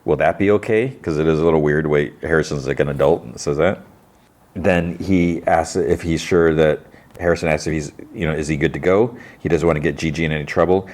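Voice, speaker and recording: A deep-voiced man hosts a podcast and recaps a TV episode. He rambles casually and fills his retelling with "like" and "uh". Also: steady tone, a little fast, a little mellow. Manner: rambling, filler-heavy retelling. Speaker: podcast host.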